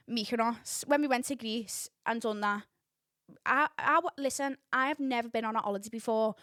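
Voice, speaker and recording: A young woman, hosting a podcast and telling a story in casual chat, full of swearing and loud laughter. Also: on the high side, no room sound, studio quality. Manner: chatty, swearing, laughs loudly at own story. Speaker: podcast host.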